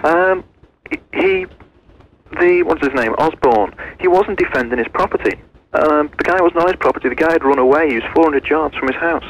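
A man from Wallasey with a Merseyside accent calling a radio phone-in, speaking in a plain, halting way. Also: fairly high pitch, a little hiss or hum. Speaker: caller. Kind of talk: phone-in call. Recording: muffled phone-in line.

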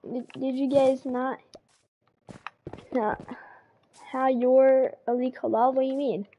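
A woman live-streaming a game, chatting excitedly with viewers, rambling and often stammering and repeating words. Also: high-pitched, takes it slowly, husky, muffled recording. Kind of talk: casual live-stream chat.

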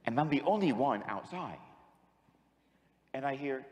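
Lively priest preaching in a reverberant hall. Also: male voice, on the high side, moderate pace, long pauses. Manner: animated storytelling, acting out dialogue. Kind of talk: sermon.

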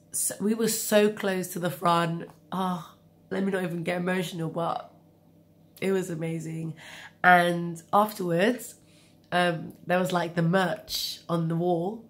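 Young woman with a cold, slightly low voice, rambling storyteller. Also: fairly even intonation, a little slow. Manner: chatty, rambling with asides. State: has a cold, coughing. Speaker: vlogger. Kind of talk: casual storytelling.

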